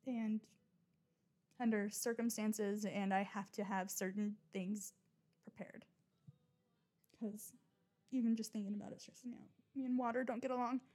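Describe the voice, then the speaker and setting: A woman's voice: medium pitch, fairly even intonation, measured pace, long pauses, mellow. A young woman talking casually and bluntly about her odd habits, rambling, swearing often and mocking herself. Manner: rambling, blunt, frequent swearing and self-mockery. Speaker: podcast host. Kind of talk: casual confessional monologue.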